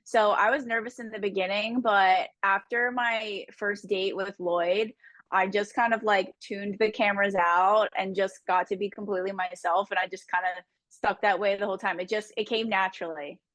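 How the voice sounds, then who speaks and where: A woman's voice: medium pitch, fairly even intonation, moderate pace, a bit bright, no room sound. A young woman from New Jersey, a guest chatting candidly in an interview, laughing often and filling her speech with "like". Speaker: guest, dating show contestant. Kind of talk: casual interview chat.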